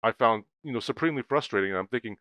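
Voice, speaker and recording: A man's voice: mid-range voice, racing, dry recording, lo-fi sound. A man co-hosting a movie podcast, speaking earnestly and hesitantly, often repeating words as he works through his thoughts. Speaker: podcast co-host. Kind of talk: casual movie-review chat.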